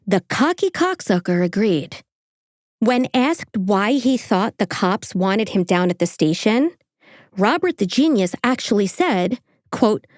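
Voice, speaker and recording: A woman's voice: mid-range voice, sing-song, measured pace, darkish tone, no echo. True crime host, woman, snarky narrator, dry close sound. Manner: sarcastic, swears casually. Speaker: podcast host.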